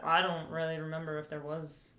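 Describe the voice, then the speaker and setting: A woman's voice: sits low, level tone, fairly quick, bright, forceful tone, roomy sound. A young woman chatting casually as a podcast guest, rambling with lots of fillers and frequent giggles. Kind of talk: casual chat.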